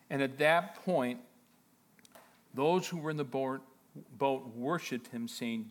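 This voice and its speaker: A man preaching a sermon as pastor, retelling a story with animated excitement and frequent chuckles. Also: mid-range voice, slow, long pauses. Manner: chuckles often.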